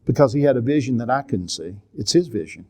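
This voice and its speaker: A man's voice: mid-range voice, expressive, fast, darkish tone. A man in his sixties with a Southern drawl, teaching a church seminar through earnest, confessional personal stories. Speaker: minister and counselor teaching a seminar.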